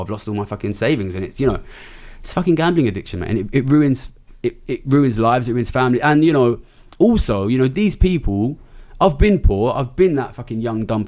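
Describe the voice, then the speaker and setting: Man, middle-aged, from Britain, rapid delivery, blunt and sweary interview guest. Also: medium pitch, darkish tone. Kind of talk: candid interview talk.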